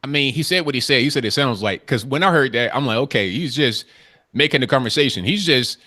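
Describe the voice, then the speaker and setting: A man's voice: medium pitch, animated, fast talker, sharp tone. A man co-hosting a casual debate, firmly restating his reading of a quote. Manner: insistent, firm, restates his point. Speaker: podcast co-host.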